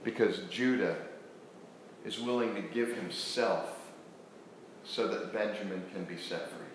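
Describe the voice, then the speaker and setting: A man preaching a sermon to a church congregation, posing questions to them in an earnest, animated way. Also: on the low side, a little slow, noisy background. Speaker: pastor. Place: church sanctuary. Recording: very echoey church hall.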